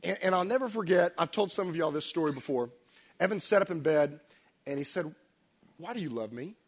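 A middle-aged man preaching a sermon, emotional and storytelling, dropping to quiet, near-whispered lines at tender moments. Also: a little high, brisk. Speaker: pastor.

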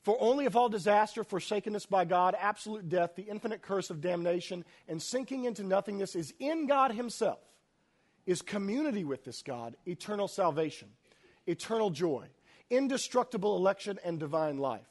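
A man preaching a sermon, reading scripture aloud and explaining it, swinging between hushed and loud delivery. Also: high voice, expressive, fairly quick.

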